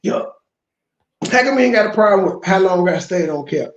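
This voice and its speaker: A man's voice: sits high, expressive, moderate pace, reverberant, muffled recording. A man hosting reaction commentary, profane and mocking as he rants. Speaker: commentary host.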